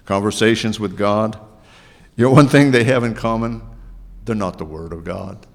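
A male pastor delivering a sermon in an easy, conversational way, tossing out rhetorical questions. His voice sits on the low side, and a long reverb trails behind it as if he is in a large church. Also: normal speed.

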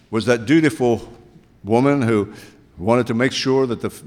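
A male pastor giving a sermon, telling stories in a relaxed, conversational way. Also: medium pitch. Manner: conversational storytelling preaching. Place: church sanctuary. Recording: long reverb of a church hall.

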